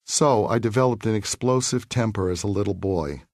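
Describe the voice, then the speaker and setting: A man from New York City reading his own memoir aloud for an audiobook, in a measured, earnest and reflective way. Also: lowish voice, darkish tone, no echo, studio quality.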